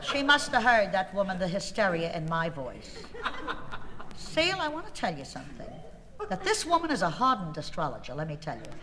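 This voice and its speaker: Animated, exasperated woman telling a comic story. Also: lowish voice, moderate pace, long reverb tail, a crowd in the background. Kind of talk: comic monologue to a listener.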